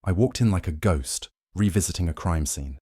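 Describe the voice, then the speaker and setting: A young man narrating his own dramatic story in the first person, brooding and measured, with a vengeful edge. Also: deep voice, warm tone, husky, no room sound, clean studio sound.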